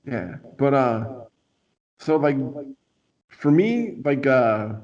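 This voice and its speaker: A man's voice: medium pitch, sing-song, very slow, darkish tone. A man hosting a casual talk show, rambling and playful with lots of fillers. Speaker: podcast host. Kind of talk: casual chat. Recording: dull lo-fi sound.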